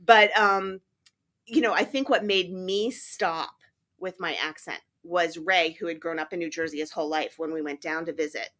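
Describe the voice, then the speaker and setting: A middle-aged woman hosting a podcast, talking in an animated way and acting out the quotes in her stories. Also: fairly low pitch, moderate pace. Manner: animated storyteller who acts out quotes. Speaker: podcast host. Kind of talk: casual chat.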